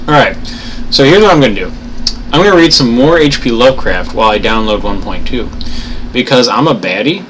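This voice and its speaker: Male streamer, mid pitch, playful chat, audible background noise. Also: animated, fairly bright tone, low-quality recording. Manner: playful, greets chat viewers, reads aloud slowly. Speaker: live streamer. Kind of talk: casual stream chat and story reading.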